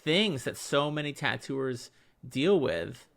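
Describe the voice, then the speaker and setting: Bright-voiced man hosting an interview. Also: medium pitch, very animated, takes it slowly, creaky. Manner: eager, probing questions with lots of "like". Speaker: podcast host. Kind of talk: casual podcast interview.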